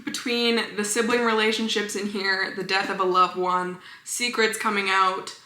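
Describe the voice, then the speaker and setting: A chatty woman vlogging about books, her voice bright and a little sharp as she gushes about favorites. Her words bounce around an echoey room, with fast enthusiastic asides. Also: medium pitch, steady tone. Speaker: book vlogger. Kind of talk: casual book review chat.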